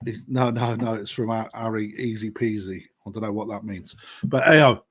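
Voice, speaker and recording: A man hosting a live fish auction, chatting casually, bursting loud and then dropping to quiet asides. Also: on the low side, fairly even intonation, moderate pace, slightly rough. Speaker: auction host.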